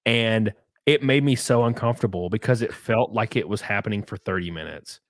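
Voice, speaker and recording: A man's voice: on the low side, a little fast, no room sound, studio quality. Rambling young man telling a story. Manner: rambling storytelling with many likes and restarts, bursts of excitement. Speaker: podcast guest. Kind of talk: casual podcast chat.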